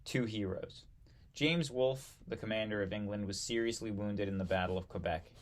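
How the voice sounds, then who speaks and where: A man reading aloud from an old history textbook, halting now and then to correct himself and add brief asides. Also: on the low side. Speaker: history reader.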